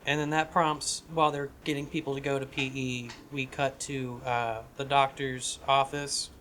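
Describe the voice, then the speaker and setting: Bright-voiced man pitching a script. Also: little pitch movement, normal speed, a little hiss or hum. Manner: rambling, profane, frequent restarts. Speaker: podcast co-host. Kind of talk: casual chat pitching a script.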